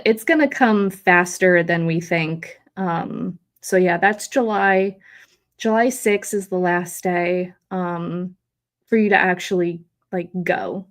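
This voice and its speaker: A woman in her thirties hosting a live stream, chatting in a rambling, emotional way with many fillers and replying to chat. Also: lowish voice. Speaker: host of a live theme park stream.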